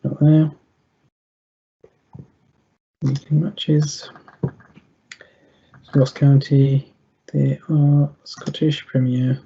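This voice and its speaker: A young man giving betting tips over a video call, thinking aloud in a halting way with many fillers and restarts. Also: medium pitch, little pitch movement, vocal fry, warm tone, lo-fi sound, a little hiss or hum. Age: young adult. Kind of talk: thinking aloud while clicking through a screen.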